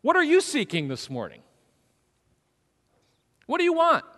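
A male pastor delivers a sermon in a high, expressive voice that rises and falls freely. He keeps asking the congregation questions and slips into quick acted-out quotes. The sound carries the long reverb of a church sanctuary. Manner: animated preaching with acted-out quotes and rhetorical questions.

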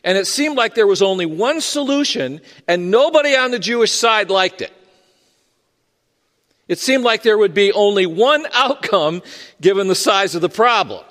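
A male pastor delivers his sermon in a high, lively voice that swings freely up and down as he tells the story. He talks in a chatty way, full of asides and restarts, and his voice carries the long reverb of a large church hall. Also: normal speed. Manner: conversational and storytelling, with frequent fillers and restarts.

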